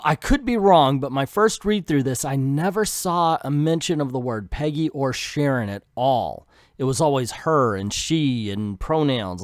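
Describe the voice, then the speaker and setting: A man's voice: medium pitch, no room sound, clean studio sound. A man reading an old comic aloud and breaking off for sarcastic, crude asides. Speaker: comic book reviewer. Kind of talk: comic reading with jokey commentary.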